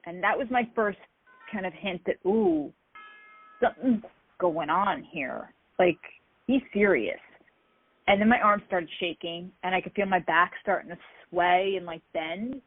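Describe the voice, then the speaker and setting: A woman guest in an interview telling lively stories from her career, acting out the dialogue of people she quotes. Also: on the low side, a little slow, no room sound. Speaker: interview guest, martial artist. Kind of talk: casual storytelling interview. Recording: tinny phone-like dry sound.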